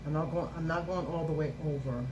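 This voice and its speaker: A middle-aged woman with a low voice talks through her makeup routine in a casual, upbeat way, repeating her catchphrases over and over. A steady hiss of background noise runs under the recording. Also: a little fast. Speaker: makeup vlogger.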